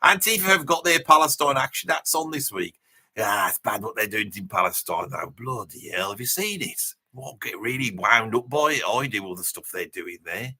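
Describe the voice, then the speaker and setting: A man's voice: lowish voice, expressive, moderate pace, sharp tone, slightly rough, full character voice. A man doing a mouthy Brummie metalhead bloke. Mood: blustery. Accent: Birmingham. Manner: blustering and rambling, swears casually, laughs at his own jokes. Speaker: livestream host in character. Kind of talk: comic live reaction stream.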